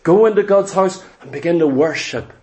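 A man delivering a fervent sermon with a notably high voice for a man. He tells scripture stories with drama, slipping into voices for the people he quotes. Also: moderate pace, darkish tone. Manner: dramatic storytelling preacher, acting out quoted voices. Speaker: preacher.

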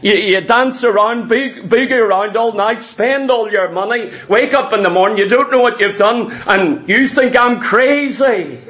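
A preacher with a very high voice gives a sermon to his congregation in an animated, conversational style. He keeps circling back with repeated phrases and tossing in quick asides before driving each point home.

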